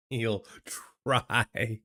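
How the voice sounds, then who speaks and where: A man's voice: mid-range voice, bright, forceful tone, no room sound, clean studio sound. An older man from the United States, hosting a casual livestream chat, talking hesitantly, repeating words and chuckling often. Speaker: livestream host reading chat. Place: home streaming studio. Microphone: desk microphone.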